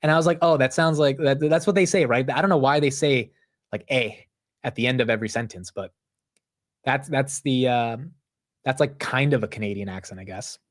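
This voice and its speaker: A young man hosting a stock market livestream, talking casually in a rambling, animated way and saying "bro" and "dude" a lot. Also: mid-range voice, brisk.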